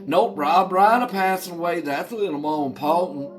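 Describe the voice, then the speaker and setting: A man's voice: high-pitched, normal speed, music in the background, natural voice. A man mimicking a shallow member of the public who chases celebrity gossip, in an airy, scornful parody.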